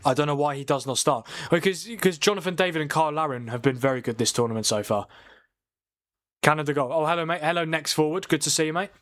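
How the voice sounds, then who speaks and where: A man hosts a live watchalong stream of football, chatting casually while he debates and answers viewers' comments. His voice is on the high side and fairly bright, and he talks fast.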